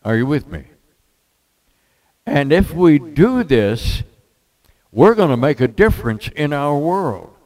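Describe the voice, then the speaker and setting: Slow, folksy older preacher. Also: male voice, fairly high pitch, sing-song, a little mellow, poor audio. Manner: folksy preaching with jokes and scripture quotes. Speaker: pastor. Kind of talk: sermon.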